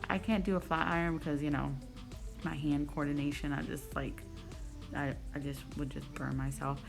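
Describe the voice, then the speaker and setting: A young woman vlogger chatting casually over her makeup routine, rambling and poking fun at herself. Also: lowish voice. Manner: chatty, self-deprecating, rambling. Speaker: beauty vlogger.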